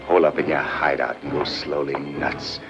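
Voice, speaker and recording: A very deep, menacing gangster, cocky and full of street slang. Music plays under a dull old film soundtrack. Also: male voice, little pitch movement, moderate pace. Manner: slangy tough-guy talk, menacing. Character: tough male gangster back from the dead, menacing. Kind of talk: 1940s film acting.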